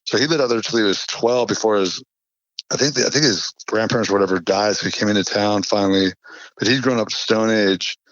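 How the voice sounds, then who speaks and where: Male podcast guest, low voice, rambling filler-heavy storyteller, muffled dry recording. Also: brisk, fairly bright tone, dry recording. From California. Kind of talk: casual storytelling chat. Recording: dull lo-fi dry podcast audio.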